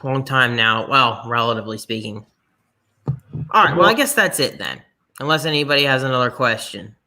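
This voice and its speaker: A man explains his editing software on a video call, relaxed and a little hesitant, with plenty of pauses. His tone is bright, at a middle pitch. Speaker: panel guest. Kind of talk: casual tech demo chat.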